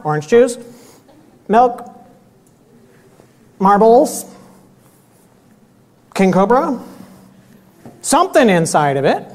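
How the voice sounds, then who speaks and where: A man preaching a sermon, often clearing his throat and acting out dialogue in a raised voice. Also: sits high. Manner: animated, acts out dialogue with raised voice.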